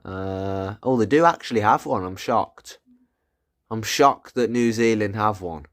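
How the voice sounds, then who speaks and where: A man's voice: lowish voice, unhurried. A man giving casual, rambling commentary while playing a video game, swearing and thinking aloud. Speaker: gaming video creator.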